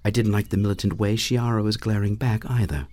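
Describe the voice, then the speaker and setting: A man narrating a fantasy audiobook in the first person, with a wry, lively storytelling manner. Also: on the low side, a little fast, no room sound.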